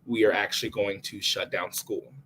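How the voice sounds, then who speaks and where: Young man, lively storytelling, faint hiss. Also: on the low side, moderate pace. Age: 20s. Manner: animated, expressive retelling with quoted inner thoughts. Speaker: podcast guest. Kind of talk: casual storytelling.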